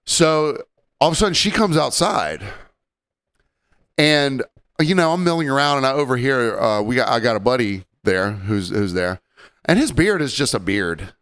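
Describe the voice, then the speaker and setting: Animated man telling bar stories. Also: mid-range voice, normal speed, clean tone. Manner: animated anecdote-telling, acts out quotes. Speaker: podcast host and bartender. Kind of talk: casual storytelling chat.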